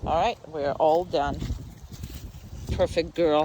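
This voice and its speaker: A dog trainer running a lesson outdoors, switching between crisp one-word commands and patient explanations. The voice sits at a middling pitch and lifts into sing-song praise. Faint noise hangs behind the talk. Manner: brisk short commands mixed with coaching explanations. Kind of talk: live dog training instruction.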